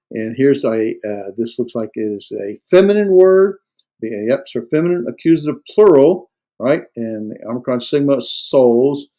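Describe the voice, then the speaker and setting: In a low-quality recording of a classroom lecture, a Greek instructor with a dark, mid-range voice teaches grammar. His step-by-step explanations are laced with fillers and restarts, and he leans heavily on key words.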